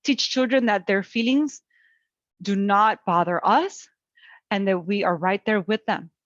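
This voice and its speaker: Gentle woman coaching parents. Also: medium pitch, a little slow, dry recording, highs cut off. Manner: gentle, coaching, models soothing self-talk. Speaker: parent educator. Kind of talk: webinar teaching.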